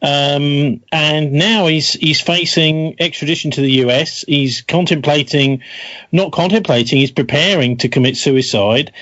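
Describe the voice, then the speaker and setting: A man's voice: on the high side, unhurried, a bit bright, dry recording, muffled recording. A man hosting a casual interview, probing and pushing back on his guest. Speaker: interview host.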